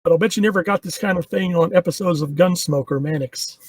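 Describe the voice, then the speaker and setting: A man's voice: sits high, fast talker. A man co-hosting a podcast, chatting casually and telling anecdotes. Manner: storytelling, anecdotal. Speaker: podcast co-host. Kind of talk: casual commentary with trivia anecdotes.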